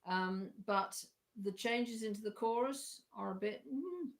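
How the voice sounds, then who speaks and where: A woman leading an online choir rehearsal, chatty and hesitant, with a croaky voice, often breaking into sung parts. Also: mid-range voice, unhurried. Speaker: choir leader.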